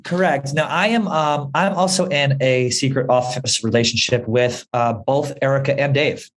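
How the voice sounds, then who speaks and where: A man's voice: medium pitch, moderate pace. Playful man ribbing his co-host. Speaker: podcast co-host. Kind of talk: casual comedic chat with ad read.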